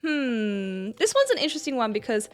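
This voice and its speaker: A woman's voice: a little high, sing-song, moderate pace, clear, resonant tone, faint music behind. A young woman co-hosting a podcast, chatting casually and rambling through stories with lots of fillers. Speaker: podcast co-host. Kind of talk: casual chat.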